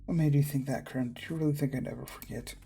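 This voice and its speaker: A man's voice: medium pitch, steady tone, quick pace, gravelly, mellow, breathy edge. A man reading a cold, vicious headmaster. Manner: cold, clipped delivery.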